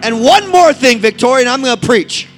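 A man with a St. preaches to a church congregation, his voice high and ringing bright. He drops into quiet, folksy asides, then climbs into shouted calls to the crowd. Faint instrumental music plays softly behind him. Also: lively intonation, a little fast. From inner-city St. Louis, USA. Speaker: evangelist preacher. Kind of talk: fiery sermon.

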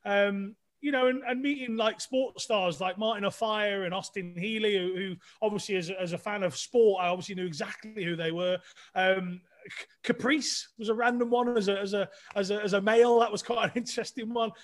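A middle-aged podcast guest shares stories in a casual, chatty, self-deprecating manner, frequently starting over. His voice sits high, with a steady tone and a fairly quick pace.

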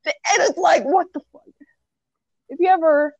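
Young woman, casual chat, excitable and profane; high, bouncy pitch; dull lo-fi dry recording. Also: moderate pace, no room sound. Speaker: co-host. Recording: dull, slightly lo-fi dry sound.

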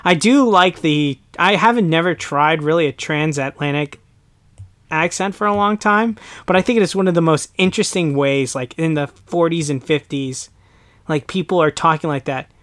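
A young man from the United States talks in a loose, animated way and keeps slipping into playful put-on voices. His voice sits a little high for a man. The sound is dry and close, with no room around it. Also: normal speed, no echo. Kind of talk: casual chat.

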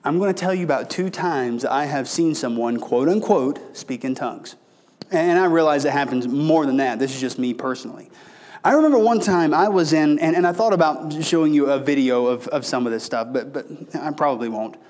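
A man's voice: on the high side, a little fast, darkish tone. A man preaching a sermon as a pastor, telling personal stories in a folksy way and calling his listeners folks. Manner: folksy storytelling, addresses congregation as folks.

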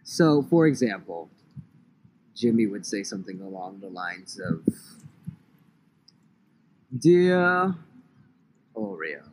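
A man's voice: low voice, animated, moderate pace, a little mellow, a little hiss or hum, rough recording. Laid-back joking male podcast host. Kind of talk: casual chat. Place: outdoors in a park, on a grassy slope.

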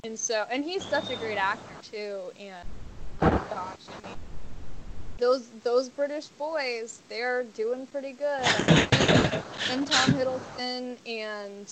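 A woman's voice: fairly high pitch, slow, heavy background noise. Bubbly young woman gushing in chat. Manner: bubbly, gushing, many "like" fillers. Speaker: podcast guest. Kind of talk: casual chat.

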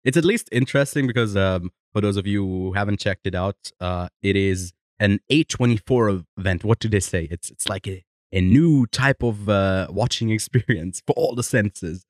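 A man with a low, deep voice hosts a podcast in a loose, chatty way and laughs easily as he talks. The sound is dry and close, with hardly any room around it. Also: moderate pace, no echo. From Switzerland. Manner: chatty, laughs often, swears casually. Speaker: podcast host. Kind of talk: casual chat.

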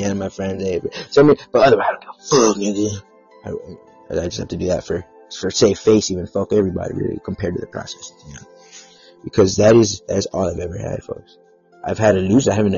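A man's voice: low-pitched, vocal fry, darkish tone, slightly rough, muffled recording. A man hosting his own podcast livestream, rambling in a profane, self-aggrandizing way. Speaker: podcast host.

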